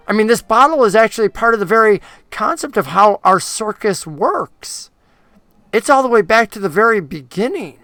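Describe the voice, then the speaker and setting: Lively tabletop game master, bright voice. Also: medium pitch, normal speed, no room sound, soft background music. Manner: lively storytelling, with frequent acted voices.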